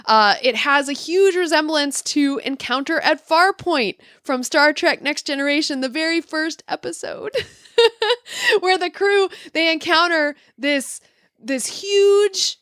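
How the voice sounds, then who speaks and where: A woman's voice: high voice, expressive, measured pace, a bit bright, no echo, studio quality. A woman co-hosting a podcast in casual chat, enthusiastic and bubbly, laughing often. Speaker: podcast co-host.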